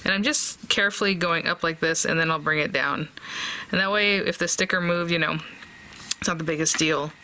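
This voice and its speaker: A woman's voice: fairly low pitch, steady tone, brisk, sharp tone. A woman hosting a casual crafting tutorial, chatting and thinking aloud as she works, with fillers and small laughs.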